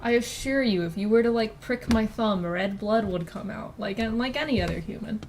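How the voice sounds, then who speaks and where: A woman's voice: mid-range voice, moderate pace, a little mellow. Rambling woman VTuber streamer. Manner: rambling, self-interrupting, with giggly asides. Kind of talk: casual live-stream chat while drawing.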